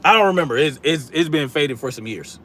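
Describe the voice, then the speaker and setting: A man's voice: fairly high pitch, lively intonation, fairly quick, a bit bright, a little hiss or hum. A man hosting a political live stream, talking bluntly and combatively, projecting his voice, reading chat comments, and using casual slang. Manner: casual slang, repeats catchphrases.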